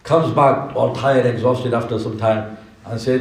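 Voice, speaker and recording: A man preaching a sermon in a mosque, telling an animated story with humorous asides. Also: medium pitch, normal speed. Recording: echoey mosque hall from far off.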